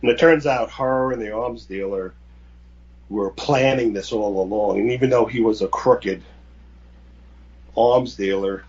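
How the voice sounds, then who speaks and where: A man co-hosting a podcast, recapping a movie in casual chat with halting, rambling storytelling. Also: on the low side, a little mellow, highs cut off. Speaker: podcast co-host.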